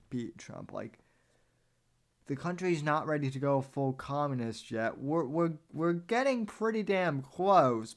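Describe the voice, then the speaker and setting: A man hosting a podcast, giving casual political commentary in a meandering, halting way with sarcastic asides. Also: mid-range voice, clean tone. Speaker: podcast host.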